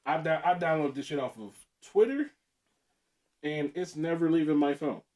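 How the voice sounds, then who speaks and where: A man co-hosting a podcast in casual banter, loud and laughing, cursing often. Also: fairly high pitch, a little slow. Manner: loud, laughing, swears a lot. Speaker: podcast co-host.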